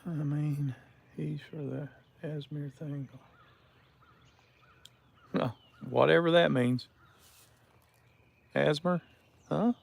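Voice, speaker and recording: A man's voice: fairly high pitch, fairly even intonation, very slow, gravelly, pauses often. A man hosting a casual live stream outdoors by a river, chatting with viewers and greeting them by name.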